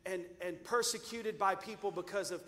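A man preaching a sermon emphatically, firing rhetorical questions and rising to shouts. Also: high voice, normal speed, in a large hall.

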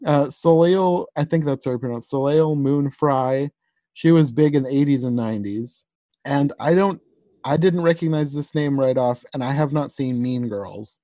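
A young woman co-hosts a podcast, casually reviewing a movie in a rambling way full of "like" and small laughs. Her voice is extremely low-pitched and warm at a normal speed, with no echo and the highs cut off.

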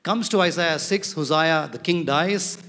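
A man preaching a sermon as pastor, animated and often asking his congregation questions. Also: fairly high pitch, a little slow. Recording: reverberant hall.

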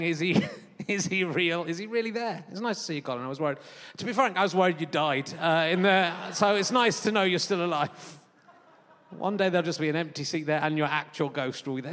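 A man's voice: on the high side, fairly quick, fairly bright tone. A man in his fifties hosting a comedy podcast live on a theatre stage, chatting in a rambling, self-mocking way with lots of fillers. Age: 50s. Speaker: podcast host performing live. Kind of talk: rambling comic stage chat. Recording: long theatre-hall reverb.

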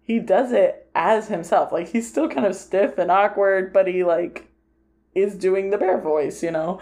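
A woman co-hosts a relaxed film podcast, and her voice sits at an ordinary mid pitch. She talks in loose, chatty runs full of "like" fillers as she retells scenes and slips into quick acted quotes. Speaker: podcast co-host. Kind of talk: casual film discussion.

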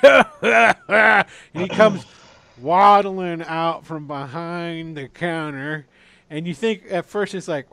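A man narrating as game master and voicing the townsfolk, laughing often and dropping into low asides. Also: unhurried, a bit bright, smooth, dry recording. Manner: laughs often, drops to a mumble when describing.

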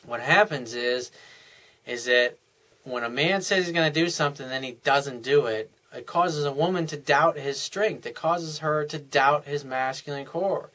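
A man's voice: medium pitch, normal speed, fairly bright tone. A man giving relationship advice in an unscripted monologue, earnest and frank, explaining things step by step in casual, plain language.

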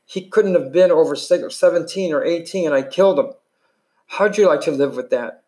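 A man's voice: fairly high pitch, normal speed, a little mellow, voice pushed up, close to an everyday voice. A man voicing a frightened, guilt-ridden teenage boy in a novel he reads aloud, in a plain everyday voice close to his own. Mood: anguished.

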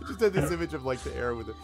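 A man narrating a tabletop game as game master, loose and chatty with plenty of fillers. His voice is mid-pitched, with faint music playing behind him. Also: animated, fast, gravelly. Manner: rambling, laughing, many fillers.

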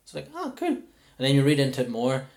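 A man hosting a casual football podcast, talking quickly and animatedly, laughing easily. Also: medium pitch, fairly even intonation, vocal fry, a little mellow. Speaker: podcast host.

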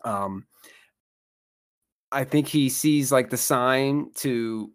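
A man's voice: mid-range voice, very slow, dry recording, studio quality. A man co-hosting a podcast, rambling through a movie recap in casual chat with fillers and laughter. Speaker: podcast co-host.

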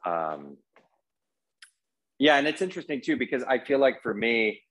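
A man's voice: mid-range voice, big pitch swings, moderate pace, a bit bright, rough recording. Male podcast guest, casual storyteller, chatty and rambling. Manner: rambling, anecdotal storyteller with many fillers. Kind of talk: casual conversation.

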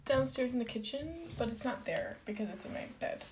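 High-voiced young woman, stubborn and dry. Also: expressive, fairly quick, noisy background. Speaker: podcast co-host. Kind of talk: casual chat while doing nails.

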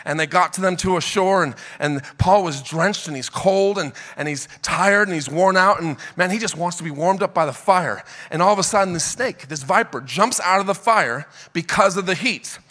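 A man preaching a sermon as pastor, building his points into impassioned, shouted crescendos. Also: high-pitched, moderate pace, few pauses. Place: church auditorium. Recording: church hall reverb.

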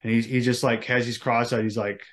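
Podcast co-host, male, mid-pitched, rambling, halting delivery. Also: little pitch movement. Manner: rambling, searching for words, many fillers. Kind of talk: casual chat.

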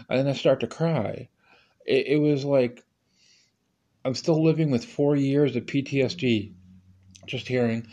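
A man hosting a podcast, telling a rambling comedic monologue with sudden high-pitched outbursts. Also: moderate pace, dark tone. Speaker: podcast host.

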